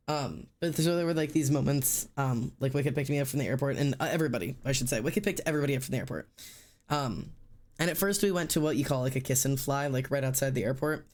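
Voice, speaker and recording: A man streaming live tells a story in loose, casual chat, his voice sitting a little high for a man. He rambles with plenty of fillers and restarts, and he slips into the voices of the people in his story. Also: a little mellow. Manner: rambling, filler-heavy, acts out quotes.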